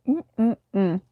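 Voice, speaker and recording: Sleepy lady on a live stream chatting w viewers, slow talker, dry close sound. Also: fairly high pitch, no room sound, phone-quality sound. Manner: chatty, greets viewers by name, frequent ums and laughs. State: sleepy, yawning. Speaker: crochet channel host reading live chat. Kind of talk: casual live-stream chat.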